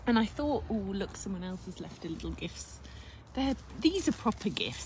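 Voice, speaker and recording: Woman, soft and whispery, slightly worn voice, casual live video, outdoors under a tree, faint background noise. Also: medium pitch, lively intonation, moderate pace, rough recording. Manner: soft, often drops to a whisper. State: slightly losing her voice. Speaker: healer and channel host.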